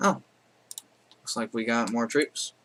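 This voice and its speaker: A man's voice: medium pitch, unhurried, fairly bright tone, a little hiss or hum. A man casually commenting on his strategy game playthrough, rambling and correcting himself with chatty asides. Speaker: let's play host.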